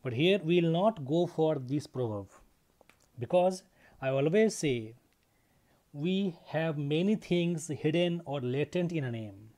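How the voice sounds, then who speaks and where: A man's voice: on the high side, animated, a little slow, mellow. A man teaching an English grammar lesson to his students, explaining step by step, repeating key points and checking in with a frequent "okay".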